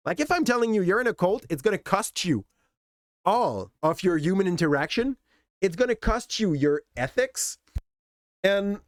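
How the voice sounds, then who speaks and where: Guy ranting about his past, pitch jumps all over, kinda high, dead dry mic. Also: no room sound. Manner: candid, exasperated storytelling. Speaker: content creator. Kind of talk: personal story vlog.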